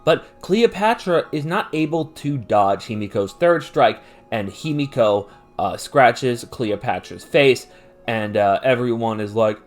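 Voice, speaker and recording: A man's voice: mid-range voice, measured pace, soft background music. Chatty casual man recapping an anime. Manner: loose and chatty, frequent "uh" fillers, laughs and swears; gets animated and opinionated. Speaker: podcast host recapping an anime.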